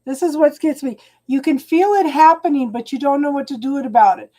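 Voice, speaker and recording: A woman reads tarot cards live for her online viewers and talks straight to them. Her voice sits a little high but sounds soft and mellow. She stops and restarts her phrases a lot and calls people hun. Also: fairly quick. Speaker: tarot reader. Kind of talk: live-stream tarot reading, talking to viewers.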